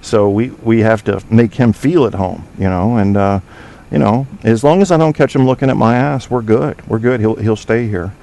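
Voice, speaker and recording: A man's voice: fairly low pitch, moderate pace, creaky, dark tone. Joking, rambling man hosting a talk show. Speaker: podcast host. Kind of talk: casual talk show monologue. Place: home studio.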